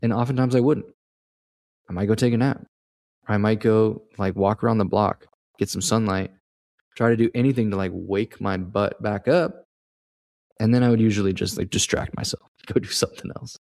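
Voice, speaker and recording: Male coach, gravelly low voice, casual and reflective, lots of "like" and "you know". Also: moderate pace. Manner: relaxed, reflective, uses fillers like "like" and "you know". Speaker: performance coach, guest. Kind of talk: casual conversation.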